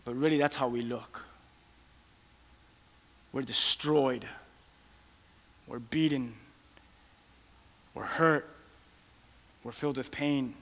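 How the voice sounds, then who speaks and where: A man preaching a sermon with impassioned pleas that rise toward shouting. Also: medium pitch, steady tone, slow, long pauses. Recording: long hall reverb.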